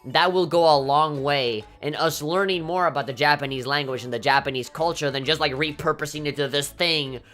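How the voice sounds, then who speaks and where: A woman giving casual, animated gameplay commentary, swearing often and breaking into mock-indignant outbursts. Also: sits low, a little fast, hardly any pauses, faint music behind. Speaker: let's play commentator.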